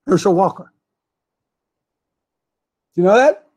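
High-voiced preacher man calling for amens. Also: animated, moderate pace, a little mellow, slightly rough. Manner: calls for amens from the congregation; repeats words and restarts, speaks directly to people in the room. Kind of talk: sermon mixed with political talk.

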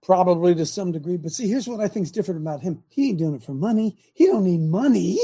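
A man's voice: sits high, lively intonation, fast, mellow, husky. An older man hosting a faith talk show, preaching fiercely and firing off rhetorical questions to his audience. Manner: fiery, keeps asking rhetorical questions.

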